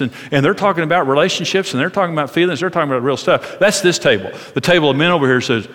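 A middle-aged man giving a conversational sermon as a pastor, animated and joking as he tells stories. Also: a little high, quick pace, hardly any pauses. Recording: long reverb of a large hall.

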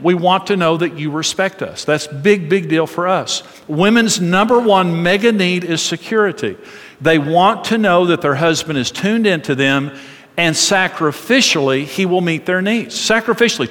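Middle-aged male pastor, earnest sermon delivery, a touch high-pitched, in a reverberant hall. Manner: earnest preaching, drops soft and low for quoted tender words.

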